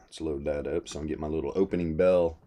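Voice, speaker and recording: On a live trading stream, a man talks fast in a very deep, warm voice with a steady tone. He's relaxed and casual about the charts, cursing and laughing his way through his stories.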